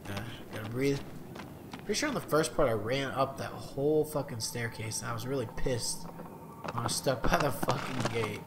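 A man giving casual gameplay commentary, rambling and swearing, with loud mock-taunting outbursts. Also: medium pitch, moderate pace, heavy background noise. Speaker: gamer. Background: loud game music and horse sounds.

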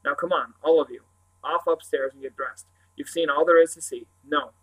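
A man reading a firm storybook father who speaks briskly and does not allow argument. His voice sits a little high. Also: a bit bright, poor audio. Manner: brisk and commanding.

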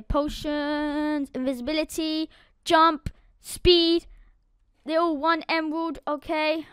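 A woman narrating her game play as she goes, excitable, swinging from quiet muttering to loud outbursts. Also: sits high, no echo, studio quality. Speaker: gaming YouTuber. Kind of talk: live game commentary.

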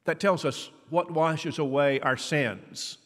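A man preaches a sermon in a chatty, storytelling way, his pitch sitting a bit high. He leaps higher when he acts out the voices of the people in the story. His words ring out with a long church reverb. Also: takes it slowly. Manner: conversational, acts out quoted dialogue with rising pitch. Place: church hall.

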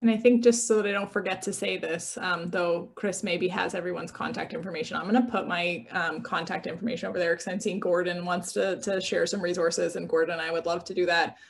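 A speaker on a video call lays out next steps in a practical, slightly hesitant way. The delivery is flat with little pitch movement, and the voice has a gravelly, fried edge. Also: a little fast, few pauses. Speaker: organiser of the gatherings. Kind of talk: casual announcement on a video call.

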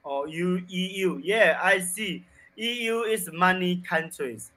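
Bright-voiced man speaking halting beginner English. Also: high-pitched, lively intonation, rough recording. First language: Chinese. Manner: halting beginner English, short simple phrases. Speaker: English learner. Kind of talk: casual online English lesson.

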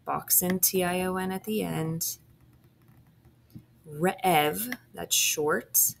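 A low-voiced woman teacher with a gravelly edge works through a phonics worksheet. She speaks slowly and patiently, sounding out each syllable. There is a faint hiss behind her on a computer mic. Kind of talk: phonics lesson walkthrough.

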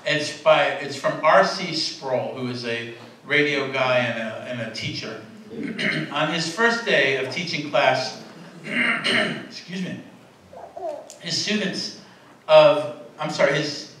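A fairly high-voiced man delivers a sermon in a casual, chatty way, often stopping to fix his words and laughing with his listeners. He is recorded from a distance in a very reverberant church sanctuary, with faint room noise behind him. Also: takes it slowly, long pauses, a bit bright. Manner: conversational, self-correcting, laughing asides to the congregation. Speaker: preacher.

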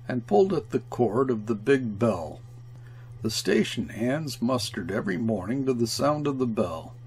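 A man reading a classic short story aloud as narrator, measured and deliberate. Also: mid-range voice, slightly rough. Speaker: audiobook reader. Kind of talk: literary narration.

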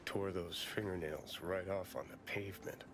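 A man voicing a cynical ghostly rocker in a video game, speaking in a flat, dry, grim way. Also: sits low, normal speed, crowd noise, lightly acted.

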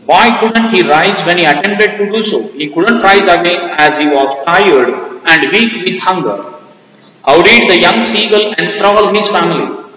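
A high-pitched man with an Indian English accent reads his lesson in a bright, sharp voice. He works through the questions and word meanings one by one in an even, methodical classroom way. He sits far from the mic in a very echoey hall. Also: a little slow, slight background noise. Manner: methodical, plain classroom reading. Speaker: school English teacher.

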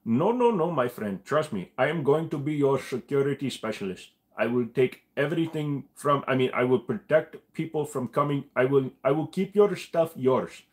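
A man's voice: mid-range voice, animated, normal speed, hardly any pauses, a little mellow, voice pushed up, natural voice. A man voicing a pushy male scam caller, who keeps wheedling and promising that everything is fine. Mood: reassuring. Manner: wheedling, repeats "trust me".

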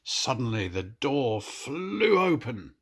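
An older man, a grandfather, gently reading a picture book aloud to children and pointing out the pictures. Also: medium pitch, very animated, takes it slowly, breathy edge. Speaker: grandfather storyteller.

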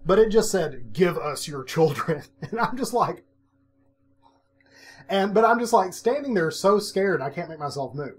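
A middle-aged man telling a personal story in a casual, animated way, laughing often and acting out what he said at the time. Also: sits high, moderate pace, pauses often, husky. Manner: animated, self-mocking, laughs often, acts out his own quotes.

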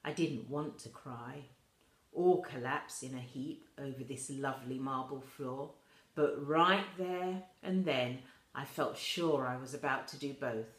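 Woman reading a storybook aloud, low and slow, echoey room. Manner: slow, soft reading with quoted voices lifted higher. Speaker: reader of a children's novel. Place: school room.

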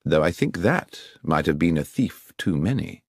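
In an audiobook, a man gives a full character voice to a brisk, incisive older male detective, commanding and crisp with precise diction. His deep voice is pitched a little above his own and moves in lively rises and falls. The sound is close and dry.

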